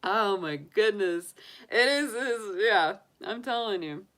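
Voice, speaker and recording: A woman giving a live tarot reading in a chatty, animated way, laughing often between points. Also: medium pitch, takes it slowly. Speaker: tarot reader.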